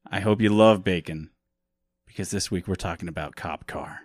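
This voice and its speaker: A man's voice: low voice, moderate pace, dry recording. A man co-hosting a casual podcast about movies, joking and rambling with frequent laughs. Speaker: podcast co-host.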